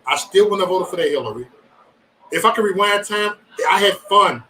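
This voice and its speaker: A man's voice: sits high, animated, normal speed, pushed and bright, far from the mic, slight background noise, low-quality recording. A man hosting a livestream, chatting casually with viewers in profane, rambling banter and joking threats. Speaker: livestream host.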